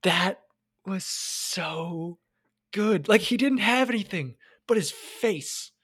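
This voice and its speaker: A man co-hosting a podcast in casual chat, animated and profane, dropping to a hushed whisper for emphasis. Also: high-pitched, takes it slowly, slightly rough. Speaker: podcast co-host.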